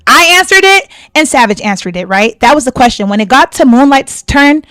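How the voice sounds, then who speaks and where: A woman's voice: high-pitched, lively intonation, a little fast, a bit bright, dry recording. A woman hosting a reaction video, giving heated commentary in a confrontational, indignant way and repeating her points for emphasis. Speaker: reaction channel host.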